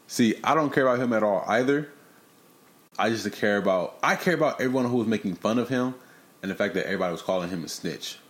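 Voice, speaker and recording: A young man hosting a casual podcast, telling stories in lively slang and breaking into rap lines. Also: on the low side, quick pace. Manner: animated, slangy storytelling with bursts of rapping. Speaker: podcast host.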